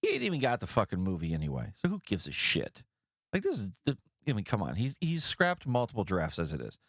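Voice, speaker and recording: A man's voice: lowish voice, wildly swooping pitch, fairly quick, a bit bright, no echo, studio quality. A man hosting a podcast, giving blunt, profane opinion commentary on news stories and ranting with mock voices for the people he criticizes. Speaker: podcast host.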